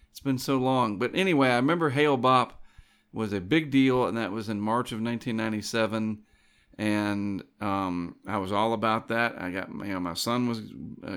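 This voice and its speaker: A middle-aged show host with a mid-range voice, a bit bright and smooth, casually tells a personal story. He rambles and digresses, repeatedly correcting himself along the way.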